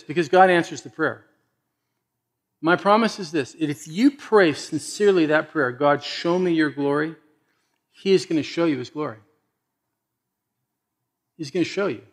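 A male pastor delivering a sermon with a slightly higher voice than most men. He talks animatedly and plays out the quoted voices in a casual, conversational way. His level swings from loud emphasis to near-hushed lines. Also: expressive, unhurried, pauses often.

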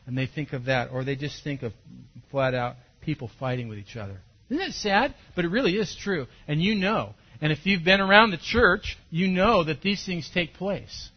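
A man preaching a sermon as a pastor, telling his story with animation and sudden loud bursts. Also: on the high side, slightly rough. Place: church service. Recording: dull lo-fi sermon recording.

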